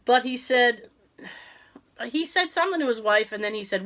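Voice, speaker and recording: Lively sick woman telling a story. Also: a little high, normal speed. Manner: animated storytelling, acting out quotes, laughing often. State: sick with a cough. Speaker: podcast co-host. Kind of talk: casual chat.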